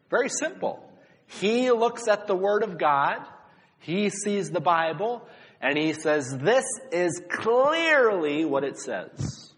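A man preaching a sermon, talking emphatically and speaking directly to the congregation. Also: on the high side. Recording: long reverb of a large hall.

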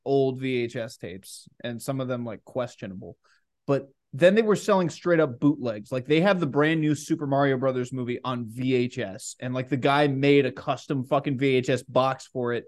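A man's voice: medium pitch, darkish tone. A young man in his twenties co-hosting a podcast, chatting casually with a lot of swearing and laughing. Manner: laid-back, profane, laughs often. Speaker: podcast co-host.

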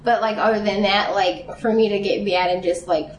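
A woman's voice: medium pitch, steady tone, normal speed, echoey room, recorded from a distance, slight background noise. A woman co-hosting a podcast, telling stories in a chatty way and laughing easily. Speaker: podcast co-host. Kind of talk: casual podcast chat.

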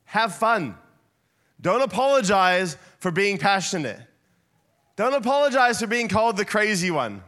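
A man preaching a sermon in a church hall, lively and playful, getting the congregation to shout along with him. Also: sits high, unhurried. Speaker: guest preacher.

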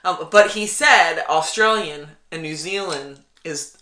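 Chatty bright-voiced woman cohost. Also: low voice, slow. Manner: chatty, retells conversations. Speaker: podcast cohost. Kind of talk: casual chat. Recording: roomy echoey room.

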